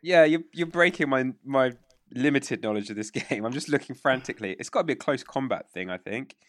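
A man running a tabletop game as game master, narrating casually with many fillers and quick rulings. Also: mid-range voice, no echo, studio quality.

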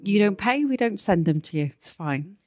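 A woman's voice: mid-range voice, expressive, normal speed, darkish tone, no room sound, clean studio sound. A woman with a Welsh accent, a guest on a casual chat show, explaining her business step by step with frequent ums. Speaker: guest entrepreneur.

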